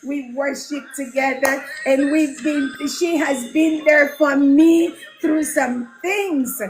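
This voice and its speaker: A woman's voice: high-pitched, steady tone, slow pace, slight background noise. A woman hosting a casual livestream, chatting with viewers, reading out their comments and greeting them by name with plenty of laughter. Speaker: livestream host and home care business mentor.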